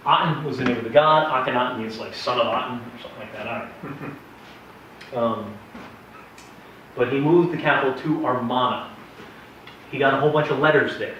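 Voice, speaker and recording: A man's voice: medium pitch, a bit bright, slight background noise. Guy teaching bible history, chatty and jokey, recorded far off in a super echoey room. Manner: chatty, digressive, joking asides. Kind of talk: casual classroom lecture. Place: classroom with a live audience. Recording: echoey room, distant, dull sound.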